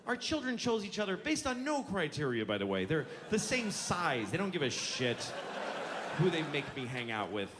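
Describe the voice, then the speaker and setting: A grumpy man in his forties doing stand-up, his slightly high voice lurching around a wide range, from shouted rants down to muttered asides. Clear background noise sits under the whole recording. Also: wildly swooping pitch, moderate pace. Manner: grumpy, ranting, trailing into low mumbles. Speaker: stand-up comedian. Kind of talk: stand-up routine. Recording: noisy ambience behind.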